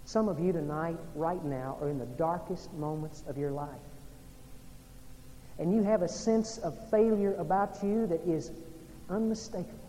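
Pastor preaching in a reverberant hall. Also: male voice, moderate pace. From Oklahoma or Texas. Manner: dramatic preaching, swinging between loud and hushed. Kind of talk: evening sermon. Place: church sanctuary. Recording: long reverb in a large hall, faint rumble.

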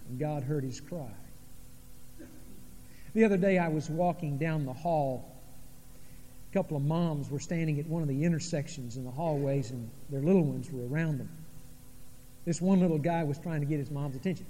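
A man preaching a sermon in a church, with dramatic pauses and sudden drops to a hush. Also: fairly high pitch, expressive, big-room sound. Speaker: pastor. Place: church sanctuary.

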